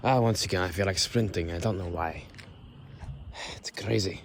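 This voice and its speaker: A man vlogging as he walks outdoors, talking in an unhurried, wordy and self-amused way that sometimes drifts into soft murmurs. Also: low-pitched, slight background noise. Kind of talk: rambling walk-and-talk monologue. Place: outdoors on an evening walk.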